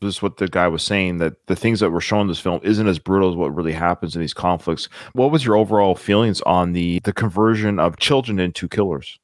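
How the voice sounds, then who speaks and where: Low-voiced male podcast host. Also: a little fast, few pauses, no echo, clean studio sound. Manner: conversational, animated retelling of scenes. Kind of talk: casual film review chat.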